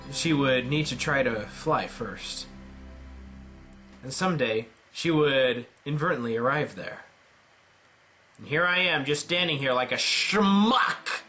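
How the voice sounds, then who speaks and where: A man reading a visual novel aloud dramatically, with deadpan joking asides. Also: medium pitch. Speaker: let's player.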